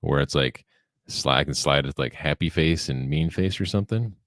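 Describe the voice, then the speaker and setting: A man in casual podcast chat, talking in a deadpan monotone. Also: rumbling low, normal speed, dry recording, clean studio sound. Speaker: podcast co-host.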